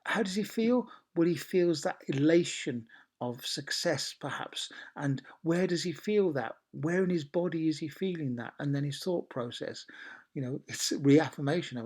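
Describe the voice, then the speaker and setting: A man's voice: a little high, a little mellow. A man coaching a training session, working through ideas in lists and asking the group questions. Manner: questioning, listing with many pauses.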